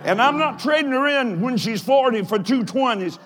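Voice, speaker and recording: A pastor preaching a live sermon in a folksy, plain-spoken way, with emphatic bursts of shouting. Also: male voice, very high voice, lively intonation, normal speed, soft background music. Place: large church or college auditorium.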